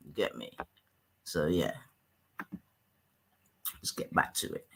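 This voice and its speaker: A man's voice: extremely low pitch, slow pace, vocal fry, a little hiss or hum. A man with a London accent hosting a livestream, recapping for viewers and checking in with them often. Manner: explanatory, checks in with listeners. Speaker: livestream host. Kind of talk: livestream commentary.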